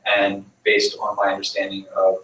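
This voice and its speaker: A man with a lowish voice gives a relaxed, conversational sermon to a small group, full of ums and restarts. He sounds set back from the mic in an echoey church room. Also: normal speed, distant mic. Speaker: pastor leading a small group. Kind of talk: informal sermon with group reflection.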